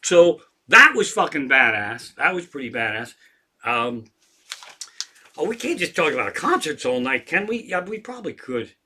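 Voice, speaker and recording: A man in his sixties rants on a livestream with a slightly high voice and a sharp, tense edge. He swears constantly and gets more and more worked up as he talks. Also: very animated, moderate pace, a little hiss or hum. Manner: profane, ranting, worked up. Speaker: comedian hosting a livestream. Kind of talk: profane ranting livestream chat.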